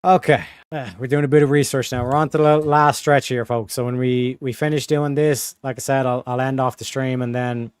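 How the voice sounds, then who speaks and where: A male streamer reads through an article on a close desk mic, and his mid-pitched voice sounds dry and close. He keeps cutting in with sarcastic, crude remarks. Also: steady tone, a little fast, few pauses, smooth, dry recording. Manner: sarcastic asides, crude language. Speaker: livestreamer. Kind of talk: casual livestream, reading text aloud with commentary.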